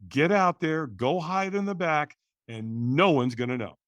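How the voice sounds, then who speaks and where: Speaking with a fairly high pitch and no rush, a middle-aged man on a podcast tells his own story with animation, doing the voices of those he quotes and repeatedly restarting words. There's no room sound in the recording.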